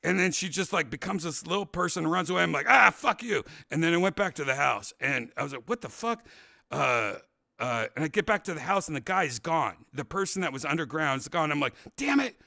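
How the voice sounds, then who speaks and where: A man hosting a casual talk show, rambling through a story and loudly acting out what people said. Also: a little high, a little fast, gravelly, dry recording, studio quality. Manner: rambling, animated, acts out quotes loudly. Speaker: podcast host.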